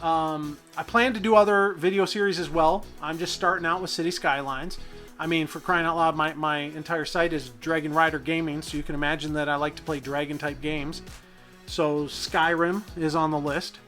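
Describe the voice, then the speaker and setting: A man's voice: on the high side, steady tone, moderate pace, sharp tone, soft background music. A man hosting a city-building gameplay video, rambling and thinking aloud in a goofy, self-deprecating way. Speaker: gaming channel host.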